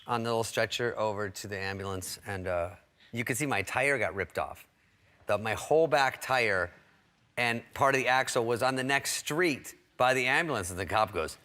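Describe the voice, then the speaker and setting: A man's voice: lowish voice, normal speed, slight background noise. A man telling comic stories as a talk show guest, acting out the voices of people in them. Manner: animated, acts out quoted voices. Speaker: guest comedian.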